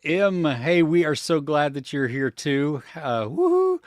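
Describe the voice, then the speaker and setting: A man's voice: a little high, big pitch swings, measured pace, no room sound, clean studio sound. A man hosting a movie podcast, greeting listeners and chatting casually with upbeat energy. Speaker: podcast host. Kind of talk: casual chat.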